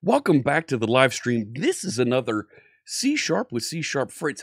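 A man's voice: medium pitch, wildly swooping pitch, a little slow, creaky, slightly rough, no echo, studio quality. Upbeat man hosting a coding stream. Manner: upbeat, greets viewers by name, jokes. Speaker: live stream coding teacher. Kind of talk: casual live-stream chat.

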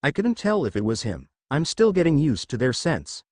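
Gruff mocking giant lizard monster, man reading it, dry close sound. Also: on the high side, very animated, moderate pace, a little mellow, no echo. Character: ancient giant male reptile monster, gruff mentor.

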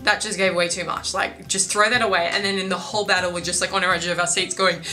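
A woman's voice: medium pitch, fairly even intonation, fast, few pauses, bright, forceful tone, faint music behind, poor audio. A woman giving a casual spoiler movie review, chatty and full of "like" and "you know" fillers.

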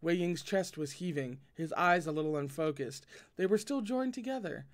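A man's voice: on the high side, normal speed. A man reading a novel aloud with commentary, often stumbling, correcting himself and breaking off into joking asides. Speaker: reader and commentator.

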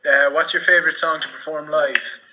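A young man with an Irish accent reads and answers fan comments, laughing often. His voice is very bright and somewhat high. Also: level tone, a little fast, poor audio. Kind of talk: casual livestream chat.

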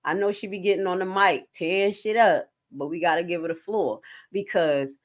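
Woman host, lowish voice, casual animated commentary with loud bursts. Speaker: commentary streamer; nurse.

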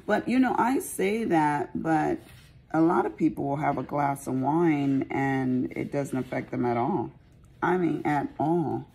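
A woman's voice: low voice, animated, a little slow, dark tone, husky. A woman chatting casually while she crafts, rambling and poking fun at herself. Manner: rambling, chatty, self-mocking. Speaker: craft vlogger.

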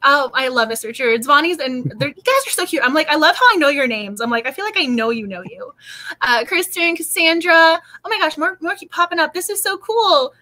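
A woman hosts a casual book club livestream from home, bubbly and quick to laugh. Her voice sits high and sounds bright and sharp. She talks in an easy, chatty way. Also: expressive.

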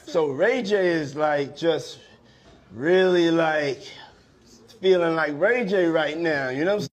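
A man's voice: a little high, unhurried. A man telling a story in casual chat, with lots of fillers and check-ins with the listener. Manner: loose, filler-heavy, keeps checking in with the listener.

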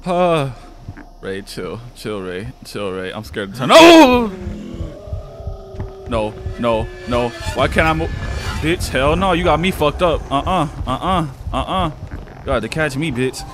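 A man's voice: mid-range voice, expressive, unhurried, fairly bright tone, a little hiss or hum. A young man commentating a horror game, cursing and reacting with panic. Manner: profane, jumpy, panicky reactions. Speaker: gaming YouTuber.

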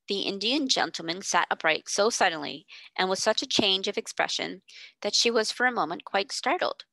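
Bright-voiced woman reading a storybook aloud. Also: medium pitch, normal speed, creaky, no room sound. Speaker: tutor reading a novel aloud.

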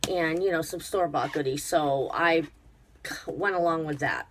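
A woman's voice: low voice, moderate pace, a little hiss or hum. A tired, unwell woman chatting to camera as a crafting vlogger, gushing over a parcel with many fillers. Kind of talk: casual unboxing chat to camera.

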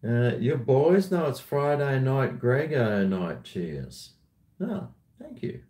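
Guy rambling slow to camera and his dog, voice swings up and down a lot, roomy echo. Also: big pitch swings, dark tone. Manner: chatty, talks to his dog in a high sing-song voice. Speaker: vlogger. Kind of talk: casual chat to camera. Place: at home near a garage.

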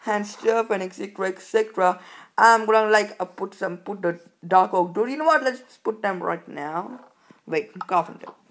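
A woman talks over her own gameplay in an excitable, rambling commentary. She jumps between calm chatter and startled exclamations, repeating words and fillers as she goes. Her voice sits at an ordinary middle pitch. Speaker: gameplay video host.

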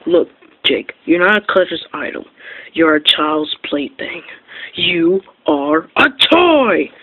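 A home performer voicing a stern male superhero toy, speaking in a low, curt, commanding way, recorded with tinny lo-fi sound. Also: very animated, slow. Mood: scolding. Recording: tinny lo-fi phone-like sound with faint hiss.

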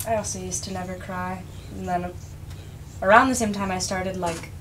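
A woman's voice: lowish voice, fairly even intonation, normal speed, a bit bright. A woman moderating a live panel, speaking reflectively with many "like"s. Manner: reflective, with lots of "like". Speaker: poet and moderator. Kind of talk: casual panel discussion. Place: live event room. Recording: distant mic with faint background noise.

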